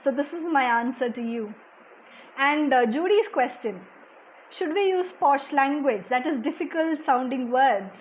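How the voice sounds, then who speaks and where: Soft-spoken woman coaching a live class. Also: expressive, a little slow, highs cut off, slight background noise. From India. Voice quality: soft-spoken, low volume. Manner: explanatory, reads out viewer comments, frequent "okay". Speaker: language exam coach. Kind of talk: live-streamed lesson answering chat questions.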